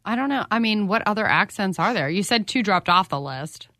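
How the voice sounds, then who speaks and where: A woman's voice: medium pitch, lively intonation, a little fast, fairly bright tone, no room sound, clean studio sound. A woman co-hosting a casual radio podcast, playful and teasing her co-host.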